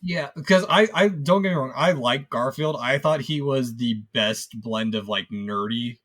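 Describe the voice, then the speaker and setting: A man co-hosting a podcast in casual chat, animated and jokey with rambling restarts. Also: medium pitch, a little slow. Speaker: podcast co-host.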